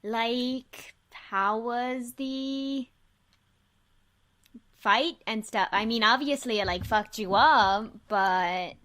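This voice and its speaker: A woman's voice: fairly high pitch, very slow, fairly bright tone. A woman narrating as game master of a tabletop game, rambling with many fillers. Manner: rambling, lots of um and like.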